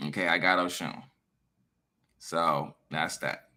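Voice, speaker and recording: A man in a casual monologue to his viewers, emphatic, profane and lecturing, swinging between loud bursts and quiet asides. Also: deep voice, steady tone, slow. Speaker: online creator.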